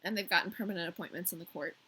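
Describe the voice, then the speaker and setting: A woman's voice: on the low side, rapid-fire, sharp tone, husky, poor audio. A woman co-hosting a podcast, reading a fairy tale aloud in a casual way with playful, joking asides. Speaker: podcast co-host and story reader.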